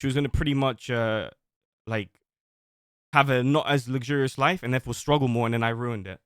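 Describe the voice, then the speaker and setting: At home on a livestream, a man reads old messages aloud and defends himself at length. His smooth, resonant voice is at an everyday middle pitch, steady, brisk, and fairly bright, and the close mic keeps it dry with almost no room sound.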